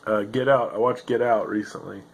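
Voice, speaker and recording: A man with a low, gravelly voice rambles through a solo podcast monologue. He sounds tired and drifts between sardonic remarks and self-deprecating asides, full of fillers and trailing thoughts. His voice often sinks into a rough fry. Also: fairly even intonation, moderate pace, poor audio. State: tired, yawning. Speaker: podcast host.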